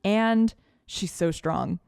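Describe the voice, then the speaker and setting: A woman's voice: medium pitch, drawn-out words, vocal fry, a little mellow, clean tone, no echo. Dry-voiced woman chatting sports. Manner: enthusiastic, gushing fan talk. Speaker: podcast co-host. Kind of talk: casual sports chat.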